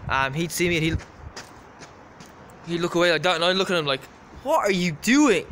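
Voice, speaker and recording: A man's voice: on the high side, steady tone, quick pace, sharp tone, slight background noise. Rambling Irish man telling a story. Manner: rambling, repetitive, many fillers. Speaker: vlogger. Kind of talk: casual storytelling.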